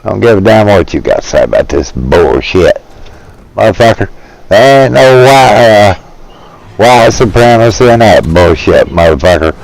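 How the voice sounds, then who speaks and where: A man, ranting bluntly and profanely with many halting restarts. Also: fairly low pitch, rough recording. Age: 50s. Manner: blunt, profane, rough-spoken. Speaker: streamer. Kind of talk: rambling opinion rant.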